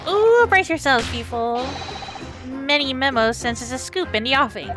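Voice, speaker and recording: A woman's voice: high voice, steady tone, moderate pace, lightly acted. A woman voicing a showy, boastful male reporter hungry for scoops, read over game music.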